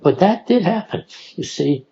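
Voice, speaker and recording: An older man telling personal stories in an unhurried way, laughing often as he goes. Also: high-pitched, lively intonation, gravelly, dark tone, dull audio. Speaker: oral history storyteller. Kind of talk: relaxed personal storytelling.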